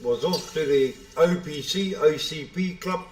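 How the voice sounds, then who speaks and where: NZ male commentator, chatty and matey, slightly high voice, echoey room. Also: measured pace. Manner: relaxed banter, calls everyone bro. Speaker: pool commentator. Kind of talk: casual live commentary.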